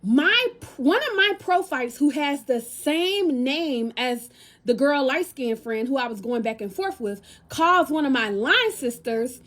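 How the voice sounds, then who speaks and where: A woman's voice: sits high, lively intonation, a little slow, fairly bright tone. A young American woman telling a casual storytime vlog, chatty and talking straight to her viewers with a lot of slang. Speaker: lifestyle content creator.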